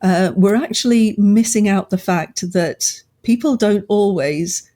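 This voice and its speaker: A woman co-hosting a podcast, explaining things in a measured way. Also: mid-range voice, mellow. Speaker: podcast co-host. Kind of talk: casual podcast chat.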